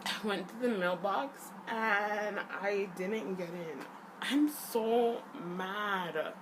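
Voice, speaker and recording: A young woman rants straight into her camera, upset and frustrated, her words strung together with constant "like"s. Her voice sits at an ordinary middle pitch. A steady background noise hisses under the noisy home recording. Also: drawn-out words. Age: young adult. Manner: upset ranting, heavy use of "like". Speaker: vlogger. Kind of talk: casual venting to camera.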